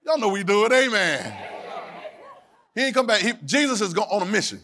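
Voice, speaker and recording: Preacher guy with a high voice, call and response, yells and half-sings the big lines. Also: very animated, fairly quick, a little hiss or hum. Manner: Southern Black church vernacular, drops verbs. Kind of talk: sermon. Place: church sanctuary.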